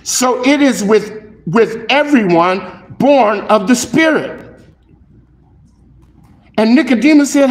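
High-voiced male pastor preaching. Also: slow pace, pauses often, roomy sound. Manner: animated, conversational preaching, acts out dialogues. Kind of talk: sermon. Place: church.

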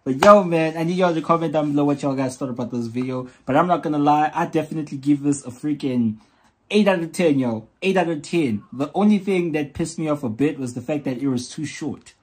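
A man hosting a reaction video, talking in an excited, repetitive way and urging viewers to comment. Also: a little high, a little fast, breathy edge. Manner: excited, repeats "yo" and "comment down below".

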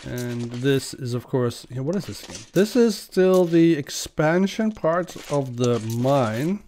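A man's voice: medium pitch, animated, slow, mellow, a little hiss or hum. A man hosting a let's play, chatting casually as he plays and talking to the characters in the game. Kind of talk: casual gameplay commentary.

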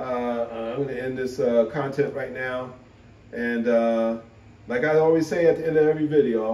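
Animated laughing man vlogging. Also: medium pitch, highs cut off. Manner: animated, laughing, full of "you know". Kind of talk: casual chat to camera. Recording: roomy, from a distance.

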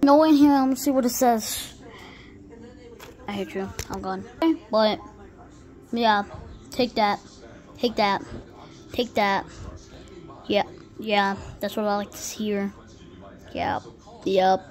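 A woman doing playful role-play commentary for a gaming video, excitable and jumping between hushed whispers and sudden yelps. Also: a little high, takes it slowly, long pauses.

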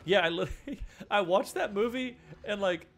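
A man's voice: high-pitched, lively intonation, moderate pace, gravelly. A young man giving casual commentary while playing a horror game, joking, swearing often and yelping at jump scares. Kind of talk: casual let's-play commentary.

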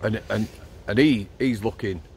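A man's voice: on the low side, moderate pace, a little mellow, a little hiss or hum. Blunt yorkshire man telling prison stories. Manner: blunt, matter-of-fact storyteller, swears freely. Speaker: former prison officer, channel host. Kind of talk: casual storytelling on a night walk. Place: outdoors at night.

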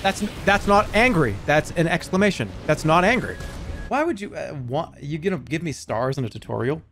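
Guy streaming a game, voice jumps all over, kinda high, cracks jokes at himself, music faint behind. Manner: animated, self-mocking, quick to exclaim and laugh. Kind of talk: live gameplay commentary.

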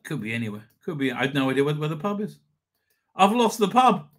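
A man's voice: on the high side, big pitch swings, a little fast. A middle-aged man hosting a live stream, rambling casually, swearing and chuckling as he reads comments. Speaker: livestream host.

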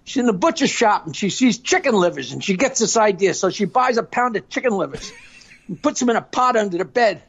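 A man's voice: sits high, expressive, fairly quick, husky, dull audio. An older man, a guest joke teller, rattling off dirty jokes in a brash way and cackling at his own punchlines. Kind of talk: rapid-fire dirty joke telling.

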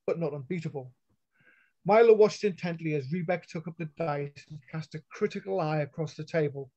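A man reads fiction aloud at a steady storytelling pace, in a somewhat high voice. It is recorded over a video call, so the sound is dull and lo-fi. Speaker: author reading aloud. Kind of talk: fiction reading. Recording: dull lo-fi online call audio.

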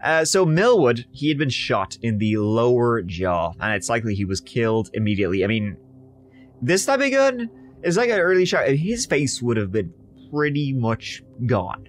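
A man's voice: medium pitch, moderate pace, slight background noise. A British man co-hosting a podcast, telling a true crime story in a casual, jokey way and acting out quotes. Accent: British English. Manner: animated, jokey, acts out quotes in bursts. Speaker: podcast co-host.

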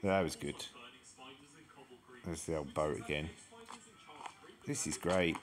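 A deep-voiced man drawls through a game tour, chatty and quick to exclaim at what he spots. A clear crowd murmur runs behind his voice. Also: fairly even intonation. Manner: chatty, exclaims at each discovery. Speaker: gaming channel host. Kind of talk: casual let's-play commentary.

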